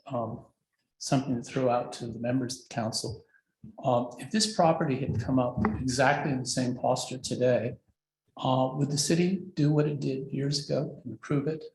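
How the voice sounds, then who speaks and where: A man giving a measured public comment at a city council hearing, hesitating with many fillers and speaking in formal phrases. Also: medium pitch, a little mellow, a little hiss or hum. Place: council chamber. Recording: echoey meeting room.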